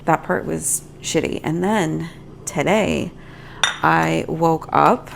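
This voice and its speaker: Low-voiced woman venting frankly. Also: takes it slowly, gravelly, noisy background. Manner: frank, venting, self-reflective. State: migraine, frustrated. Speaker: vlogger. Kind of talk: candid talking-to-camera vlog.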